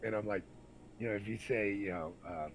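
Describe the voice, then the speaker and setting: A man with a fairly low voice tells rowdy army stories in loose, swearing chat and acts out everyone in them. There is a faint hum of background noise behind him. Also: brisk, low-quality recording. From Santa Rosa, California, USA. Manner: animated, acts out the people in his stories, many fillers. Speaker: storyteller recalling army days. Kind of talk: casual profane storytelling chat.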